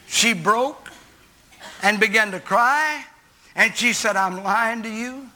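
A man's voice: high-pitched, slow, sharp tone, slight background noise. A man preaching a sermon, telling a story in a folksy, emphatic way.

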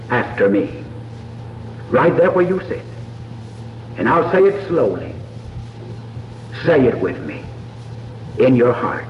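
A man preaching an altar call in an earnest, pleading tone, his voice rising and falling with wide swings of pitch. He sounds caught from far off in a large hall, with long reverb and a dull, lo-fi sound. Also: slight background noise. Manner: earnest, pleading, slow deliberate phrasing.

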